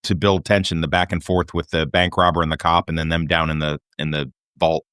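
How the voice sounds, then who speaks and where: A man's voice: very deep voice, flat delivery, fairly quick, fairly bright tone, clean tone, no echo, clean studio sound. A man co-hosting a casual chat about a TV show, often going off on side notes. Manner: chatty, goes off on side notes. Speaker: podcast co-host.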